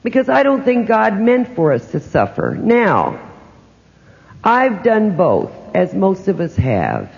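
A man's voice: high-pitched, huge pitch swings, takes it slowly, vocal fry. An older man speaking as a psychic to an audience, telling personal stories and asking them rhetorical questions in a conversational way. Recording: dull lo-fi recording in a reverberant hall.

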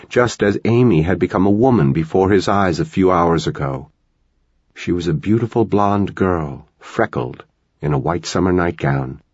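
A man narrating an audiobook in a measured, dramatic storytelling manner. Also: deep voice, darkish tone, husky, dry recording, muffled recording.

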